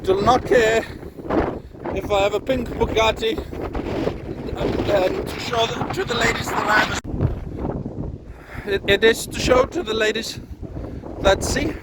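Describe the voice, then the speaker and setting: Walking on a windy beach, a thirtysomething man with a high voice records a casual vlog at a measured pace, pausing often. He's tired and slightly winded, and his rambling is mock-grand, joking and profane, with wind noise hitting the phone mic.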